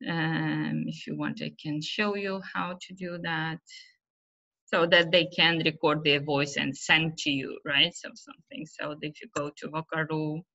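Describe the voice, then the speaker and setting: A woman's voice: deep voice, little pitch movement, measured pace, bright, forceful tone. A middle-aged woman with an Uzbek accent presenting a teaching webinar, explaining patiently with fillers and frequent "right?" checks. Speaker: teacher trainer. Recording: dull lo-fi webinar audio.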